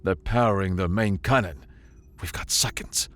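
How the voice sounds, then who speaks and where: A man's voice: low-pitched, normal speed, a bit bright. A man voicing a tough female scavenger with a rifle, speaking curtly and coolly. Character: tough female armed salvage thief.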